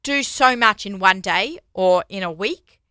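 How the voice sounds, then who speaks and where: A woman's voice: medium pitch, expressive, measured pace, pushed and bright, smooth, no room sound. A woman hosting a radio talk show in a studio, chatty and upbeat, laughing often. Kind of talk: casual studio chat.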